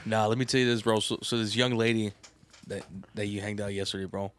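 A man hosting a casual podcast, loud and teasing, full of slang. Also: lowish voice, flat delivery, moderate pace. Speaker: podcast host.

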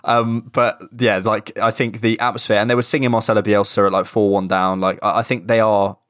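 A man co-hosting a casual football podcast, analysing the match in quick bursts with many restarts and the odd swear word. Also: on the low side, level tone, a bit bright, no room sound, clean studio sound.

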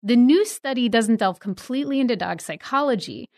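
A woman editor for a news site, explaining science stories in a clear, lightly humorous way. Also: a little high, animated, a little fast, darkish tone, no echo, studio quality.

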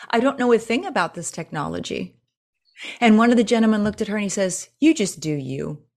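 A woman coach talking in a casual interview, telling stories with lively swings in her voice. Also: fast. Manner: animated storyteller, acts out quotes with big pitch jumps. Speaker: presentation coach, guest.

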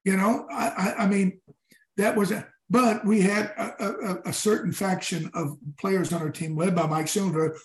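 A man in his sixties, a former football player telling stories in a casual interview, animated, swearing and acting out his teammates' lines. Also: sits high, normal speed, roomy sound, low-quality recording. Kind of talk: storytelling in casual conversation.

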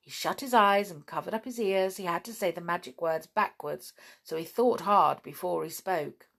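A woman reading a children's story aloud with gentle, expressive delivery. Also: lowish voice, moderate pace, vocal fry.

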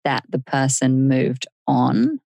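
Low-pitched lady host asking thoughtful questions, super dry sound. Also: animated, takes it slowly, creaky, mellow, no room sound. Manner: curious, reflective questions. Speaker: podcast host, psychotherapist. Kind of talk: interview conversation.

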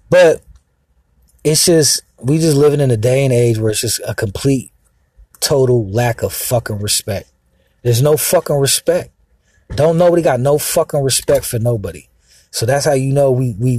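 Profane, agitated husky-voiced man. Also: mid-range voice, moderate pace, warm tone, dry recording. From Mexican heritage. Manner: profane, agitated, rambling with many fillers. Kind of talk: rambling profane monologue. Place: outdoors, sitting in a car.

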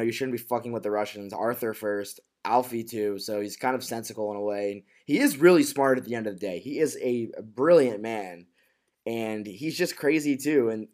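A man co-hosting a podcast, chatting casually and excitedly about a TV episode, stumbling over his words as he goes. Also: mid-range voice. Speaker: podcast co-host. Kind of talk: casual TV recap chat.

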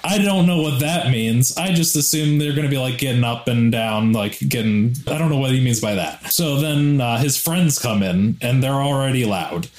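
Brief: male podcast co-host, animated storyteller who swears a lot, echoey room. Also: mid-range voice, moderate pace, few pauses. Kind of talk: casual podcast chat.

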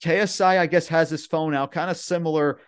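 A man's voice: a little high, fairly even intonation, a little fast, smooth. A young man hosting a podcast, recapping wrestling matches in a rambling, casual way with lots of fillers and swearing. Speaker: podcast host.

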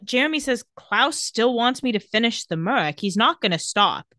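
A woman co-hosting a casual podcast recap, talking in an animated way, acting out quoted lines and laughing often. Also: on the high side, normal speed, no echo, clean studio sound. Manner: animated, acts out quotes with a bad British accent, laughs often. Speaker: podcast co-host recapping a TV episode. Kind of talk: casual chat.

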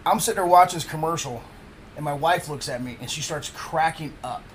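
A man's voice: fairly high pitch, brisk, a little hiss or hum. A married man co-hosting a casual podcast, talking bluntly with plenty of swearing and jokes. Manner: profane and blunt, jokey. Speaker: podcast co-host. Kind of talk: casual chat.

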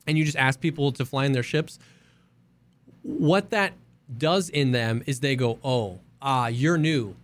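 A man co-hosting a casual gaming podcast, explaining his views in an enthusiastic, emphatic way. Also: fairly high pitch. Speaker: podcast co-host.

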